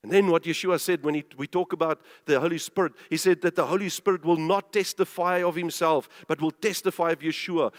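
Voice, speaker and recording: A man with a slightly high voice and fairly even intonation preaches a sermon, talking fairly quickly with few pauses. He's emphatic and full of rhetorical questions, repeating himself as he urges listeners to pay attention. A large hall gives it a long reverb.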